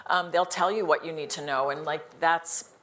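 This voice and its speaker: A woman's voice: low-pitched, steady tone, fairly bright tone. A middle-aged woman internist speaking earnestly on a live panel, with frequent restarts. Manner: earnest, fast-talking, with many restarts and "again".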